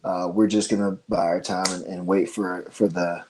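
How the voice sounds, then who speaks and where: A man's voice: deep voice, flat delivery, moderate pace, darkish tone, a little hiss or hum, rough recording. A man speaking as a guest on a casual podcast, earnest and easygoing. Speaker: guest, gym owner.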